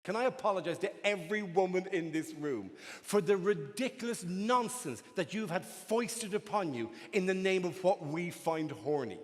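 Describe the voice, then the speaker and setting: A man from Ireland doing a stand-up comedy routine, storytelling in an animated way and acting out voices. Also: sits high, normal speed. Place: large theatre stage. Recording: echoey live venue with audience noise.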